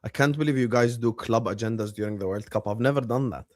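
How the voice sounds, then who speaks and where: A man hosting a casual live watchalong, chatty and bursting into excited shouts. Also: mid-range voice, fast, no room sound, clean studio sound. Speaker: livestream host.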